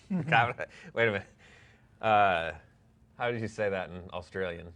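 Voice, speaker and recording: A man's voice: fairly low pitch, unhurried, fairly bright tone. A man co-hosting a live-streamed recovery talk show, friendly and loose, often repeating words as he talks. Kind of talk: casual live-stream chat.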